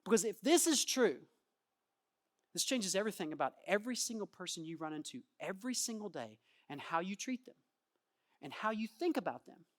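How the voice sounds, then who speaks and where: A man preaching a sermon in a church. He acts out quoted voices and swings from loud outbursts to quiet asides. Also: sits high, big pitch swings, brisk. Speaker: pastor.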